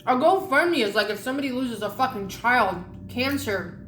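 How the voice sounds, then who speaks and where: A woman's voice: fairly high pitch, expressive, moderate pace, a bit bright, echoey room, a little hiss or hum. Rambling, swearing woman vlogger. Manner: rambling, profane, candid. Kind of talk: casual chat while eating.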